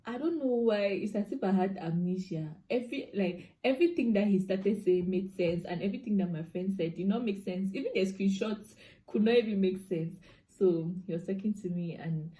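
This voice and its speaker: A young woman with a Cameroonian accent, from Cameroon, telling a story time to her viewers. She talks in a chatty, expressive way, slipping into pidgin turns of phrase. Her voice is mellow and warm. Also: medium pitch, fairly quick. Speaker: vlogger.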